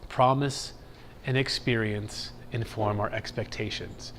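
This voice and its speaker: A man teaching a catechism class in a conversational lecture style, animated, often checking in with "right?" and acting out people's reactions. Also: mid-range voice, moderate pace, noisy background. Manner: animated, keeps asking "right?"; acts out everyday reactions in quotes.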